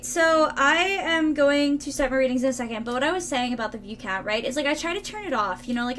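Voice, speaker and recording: A woman's voice: high voice, pushed and bright. A young woman live-streaming tarot readings, rambling casually to her viewers with lots of fillers. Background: lawn mower noise outside.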